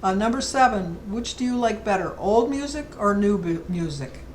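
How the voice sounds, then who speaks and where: A woman's voice: medium pitch, expressive, normal speed, a little mellow, slight background noise, rough recording. A middle-aged woman vlogger chatting casually and rambling fondly through a list of questions. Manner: chatty, rambling, fond storytelling. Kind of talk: casual chat.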